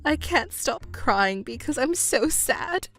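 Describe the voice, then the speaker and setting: A woman's voice: big pitch swings, moderate pace, soft background music. A woman voicing a selfish, whiny middle-aged stepmother who pleads and complains in a texting story. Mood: wailing. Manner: shrill, pleading and self-pitying.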